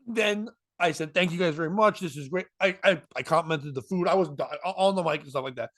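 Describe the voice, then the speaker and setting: Man, comedian, casual storytelling, fairly high voice, laughs a lot. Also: fairly quick. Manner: animated, jumps into voices and laughs.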